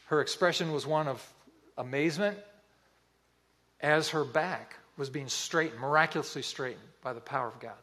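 A man preaching a sermon, telling a story in an earnest, vivid way with pauses. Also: fairly high pitch, pushed and bright, husky.

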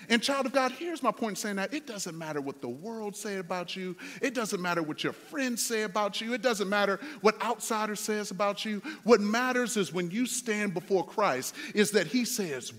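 A man's voice: high voice, animated, a little fast, fairly bright tone. A man preaching a sermon as a pastor, telling a story in a conversational way with many fillers. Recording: long hall reverb.

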